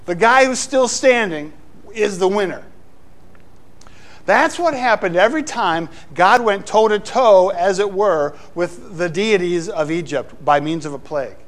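Male pastor, middle-aged, high-pitched voice, preaching with animated, playful asides. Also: a little slow. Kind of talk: sermon.

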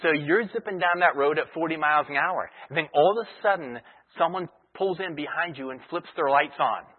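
A man's voice: on the high side, a little fast, slightly rough. A male pastor preaching a sermon in a conversational teaching style, using everyday illustrations, heard over a tinny broadcast line. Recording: tinny phone-like radio broadcast.

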